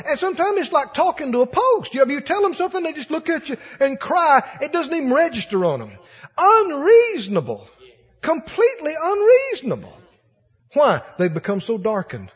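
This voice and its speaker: A male preacher with a very high voice that swoops wildly in pitch speaks at normal speed, giving an emphatic, rousing sermon and asking the congregation questions. It's recorded dully, with long church reverb.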